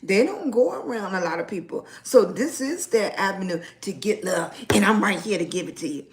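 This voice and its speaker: A woman talks into her phone on a casual livestream. She speaks in an earnest, repetitive, preacher-like way and greets her viewers with warm affection. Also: medium pitch, expressive, normal speed. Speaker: lifestyle livestreamer.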